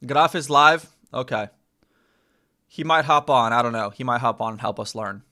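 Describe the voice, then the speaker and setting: An American man live-streams his casual language learning, thinking out loud and going back over phrases to correct himself. He talks at a normal speed in a mid-range voice with a sharp tone.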